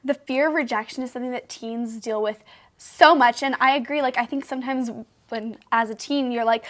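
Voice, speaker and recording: A woman's voice: high-pitched, a little fast, fairly bright tone. A woman co-hosting a podcast interview, thoughtful and agreeable, asking questions casually. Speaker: podcast co-host.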